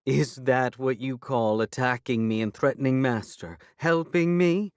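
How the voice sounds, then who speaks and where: A man's voice: mid-range voice, a little slow, smooth, no room sound, studio quality, voice pushed up, close to an everyday voice. A man voicing a defiant fairy woman. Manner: proud, sharp and defiant. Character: defiant female guardian fairy.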